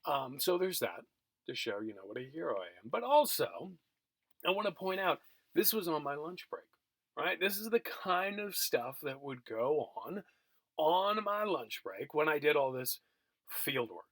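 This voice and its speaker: A man's voice: on the high side, very animated, measured pace, fairly bright tone, dry recording. A middle-aged man teaching a college class by recorded video, telling a story in a chatty, self-mocking way with lots of fillers and restarts. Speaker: college geography instructor. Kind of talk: recorded remote lecture, storytelling. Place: at home, recorded for remote teaching.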